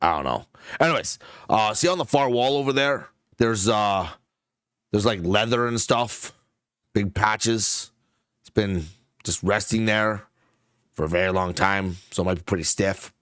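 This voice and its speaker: A wry, easygoing mentor grumbles through his advice in an offhand, rambling way, voiced by a man. His voice sits fairly low and the sound is dry and close, as in a tabletop game. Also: a little slow, fairly bright tone, clear, resonant tone, no echo.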